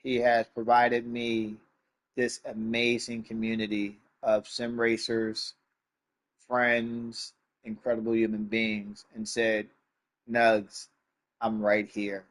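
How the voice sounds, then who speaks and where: Male streamer, mid-pitched, heartfelt and choked up, stuffy-nosed, talking straight to viewers. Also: monotone, slow, a bit bright. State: stuffy nose, near tears. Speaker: sim racing streamer. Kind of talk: live stream talk to chat.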